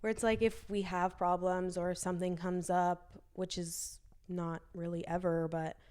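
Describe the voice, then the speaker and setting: A young woman in her early twenties chats as a podcast guest. Her voice sits a bit low and stays smooth and clean. She tells stories in a loose, filler-heavy way and acts out the dialogue. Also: flat delivery, moderate pace, a little mellow. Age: early 20s. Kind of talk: casual storytelling.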